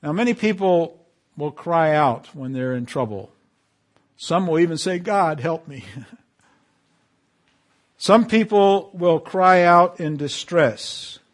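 A man preaching a sermon to his congregation, quoting scripture with emphatic swells and quiet drops. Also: a little high, expressive, takes it slowly, long pauses. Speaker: pastor.

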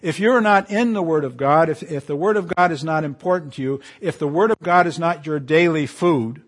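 A man preaching a sermon to his congregation, quoting scripture with emphatic swells and quiet drops. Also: fairly high pitch, a little fast. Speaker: pastor.

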